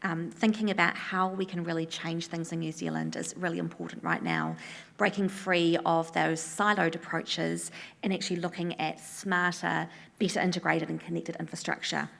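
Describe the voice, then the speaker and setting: A woman's voice: lowish voice, normal speed, gravelly, fairly bright tone. A woman moderating a conference session and introducing speakers, with a hesitant manner. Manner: hesitant, with filler sounds.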